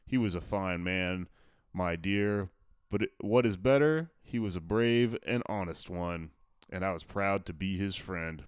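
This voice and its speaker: A man reading the part of a gruff, sly old gentleman who speaks abruptly, with little change to his own voice. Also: sits low, measured pace, dry recording, clean studio sound. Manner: abrupt, brusque.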